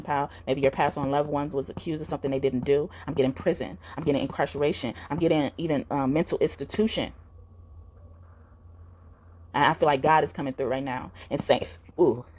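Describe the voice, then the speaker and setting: A woman with a low voice talks earnestly through a spiritual tarot reading. She rambles and restarts her sentences, filling gaps with "um" and "you know". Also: a little mellow. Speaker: tarot reader.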